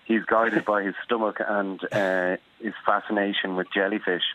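A man's voice: fairly low pitch, flat delivery, moderate pace, pushed and bright, low-quality recording. A middle-aged man, a voice actor guest on radio, talking with playful dry humour.

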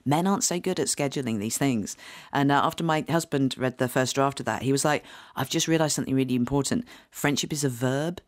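A woman author being interviewed on radio, talking quickly and animatedly and acting out quotes with big jumps in pitch.

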